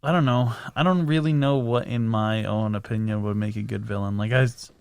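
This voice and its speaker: A man's voice: fairly low pitch, fairly even intonation, brisk, creaky, darkish tone, clear, resonant tone, no echo. A man co-hosting a podcast in casual chat, hesitantly thinking aloud with lots of fillers. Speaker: podcast co-host.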